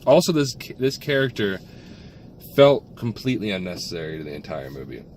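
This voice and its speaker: A man's voice: lowish voice, sing-song, a little fast, a little mellow, slight background noise. A man co-hosting a casual film review, talking in rambling bursts with many restarts and fillers.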